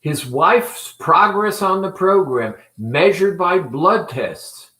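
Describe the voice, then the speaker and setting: A man who runs a weight-loss clinic, talking earnestly and deliberately to viewers in a promotional talk. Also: high voice, animated, sharp tone. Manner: deliberate, earnest, speaks with pauses. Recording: roomy echo.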